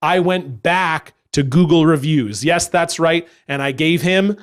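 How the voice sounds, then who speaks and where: A young man telling a story as a stand-up comedian, animated and acting out other people along the way. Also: on the high side, unhurried.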